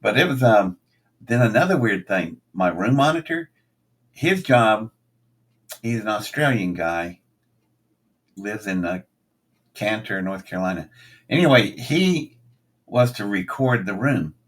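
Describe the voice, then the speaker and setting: A man's voice: fairly low pitch, animated, unhurried, long pauses. An older man, a guest, telling stories in casual conversation and acting out the lines he quotes.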